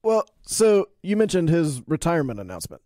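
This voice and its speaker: A man's voice: a little high, big pitch swings, fairly quick, dark tone, no room sound. Man, podcast host, long questions, dry close sound. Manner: asks long, full-sentence questions. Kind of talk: interview questions.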